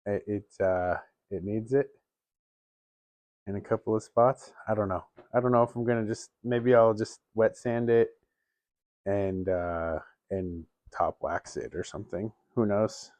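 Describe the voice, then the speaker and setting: A man's voice: on the low side, fairly even intonation, unhurried, pauses often, a little mellow, dry recording. A man talking casually about his bikes in a home garage vlog, rambling and laughing often. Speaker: bike vlogger.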